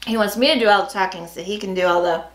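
A woman's voice: mid-range voice, fast, echoey room, rough recording. A woman co-hosting a casual snack-tasting vlog, chatty and giggly, often talking over her partner. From United States. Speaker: vlog co-host.

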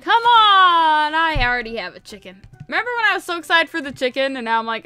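A woman's voice: high-pitched, animated, a little fast, sharp tone, soft background music. A woman giving casual, playful let's-play commentary, chatting to her viewers and repeating herself often. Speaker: gaming video host.

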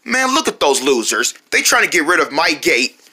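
A smug cartoon dweller from beneath the ground who brags and taunts, as a performer puts him on. The voice rings very bright and forceful. Its pitch swings around a lot. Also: big pitch swings, normal speed, breathy edge, heavily acted. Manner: boastful, taunting. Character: grumpy guy living under the ground. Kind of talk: fan cartoon voice acting.

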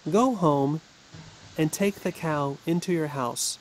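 A man reading a storybook, voicing a calm, wise rabbi who gives measured, firm instructions. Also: on the high side, slight background noise, low-quality recording. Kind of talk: storybook reading for English learners.

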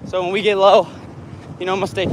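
A man's voice: sits high, little pitch movement, fast, a little hiss or hum. A young man livestreaming himself running a marathon, out of breath, brash and joking, talking into a handheld phone outdoors. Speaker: vlogger livestreaming a run. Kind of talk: hyped livestream chatter. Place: outdoors on a city street in heat. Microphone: handheld phone camera.

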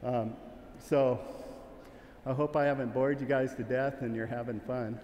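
A man's voice: mid-range voice, fairly even intonation, a little slow, darkish tone, reverberant, big-room sound, dull audio, a little hiss or hum. A man giving a sheepdog training clinic, talking candidly and in a rambling way, with many restarts, while calling commands to his dog. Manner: calls commands to a working dog. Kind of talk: clinic talk to an audience. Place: large event arena.

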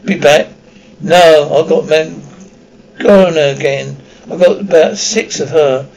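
A man's voice: fairly high pitch, takes it slowly, creaky, a little mellow, poor audio. A man voicing a chatty, blunt schoolboy wizard in an audiobook reading. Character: excitable red-haired schoolboy wizard.

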